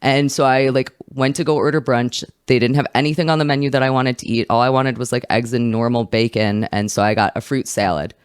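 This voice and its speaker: A woman hosting a comedic film review podcast, telling stories as a profane, animated ranter. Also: a bass voice, brisk, hardly any pauses, clear, resonant tone, no room sound, studio quality. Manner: profane, animated ranting storyteller. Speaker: host.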